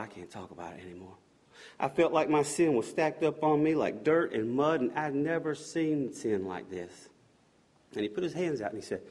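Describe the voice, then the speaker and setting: A man giving an earnest spoken faith testimony, halting and restarting his words and often dropping to a soft hush. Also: a little high, husky. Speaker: speaker giving a personal testimony.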